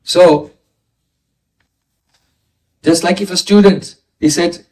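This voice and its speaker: Male spiritual teacher, fairly high voice, caught by a distant mic, teaching a class with homely examples. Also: steady tone, slow, pauses often, darkish tone. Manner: explains with everyday examples, asks listeners "right?". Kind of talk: devotional class lecture.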